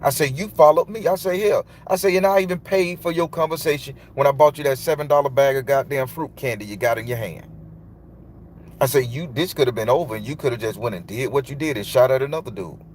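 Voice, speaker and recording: A man's voice: medium pitch, quick pace, a little mellow, slight background noise. A man, a tarot reader telling a long, loose, profane story in casual monologue. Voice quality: loose, profane, emphatic delivery.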